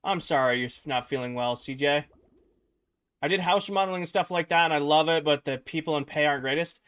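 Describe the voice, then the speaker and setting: A man's voice: fairly high pitch, fairly quick, smooth. A young man streaming, rambling through a personal story for his chat and acting out the voices of the people in it. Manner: rambling, animated, acts out quoted voices.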